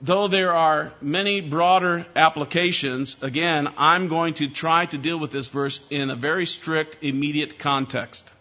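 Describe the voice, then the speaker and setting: Emphatic preacher with a high bright voice. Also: male voice, steady tone, measured pace, few pauses, highs cut off. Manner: emphatic, addresses listeners as beloved, asks for amens. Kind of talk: expository sermon.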